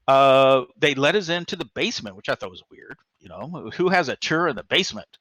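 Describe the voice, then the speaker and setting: A man as an interview guest, telling an excitable personal story with frequent fillers and restarts. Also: mid-range voice, a little fast, no echo.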